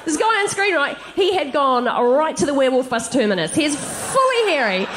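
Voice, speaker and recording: A middle-aged woman comedian telling stand-up stories to a live audience, giggly and animated with quick asides. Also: high-pitched, background noise. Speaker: comedian guest. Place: comedy venue stage before a live audience.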